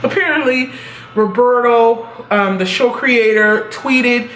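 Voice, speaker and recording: A young woman casually reviewing a TV episode, animated and profane, laughing at her own reactions. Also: a little high, slow pace. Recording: echoey room with faint noise.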